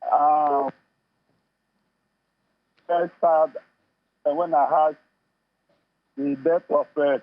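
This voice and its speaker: A man's voice: a little high, fairly even intonation, very slow, long pauses, dry recording. A man calling in to a radio show, speaking hesitantly with many fillers. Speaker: caller. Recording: tinny phone line.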